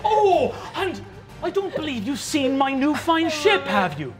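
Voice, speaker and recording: A man's voice: very high voice, big pitch swings, measured pace, over loud music, pitched above the performer's own voice, exaggerated voice. A man voicing a wild, unhinged demonic pirate captain who bellows and cackles in pirate talk. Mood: grandly boastful.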